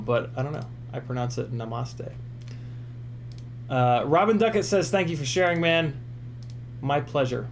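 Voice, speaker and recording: A man's voice: medium pitch, slight background noise. A man hosting a casual live stream, reading viewer comments and answering them in an earnest, encouraging way with many fillers.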